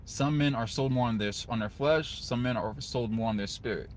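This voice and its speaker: A young man, giving casual, earnest advice to other men, often turning to the listener with a quick "right?". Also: medium pitch, slight background noise. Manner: earnest, conversational, repeats "guys" and "right?". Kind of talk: casual motivational talk to camera.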